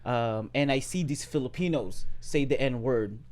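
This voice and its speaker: A man hosting a podcast in easy conversation, chatty and quick to laugh as he asks questions. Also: medium pitch, a little mellow. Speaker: podcast host. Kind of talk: casual chat.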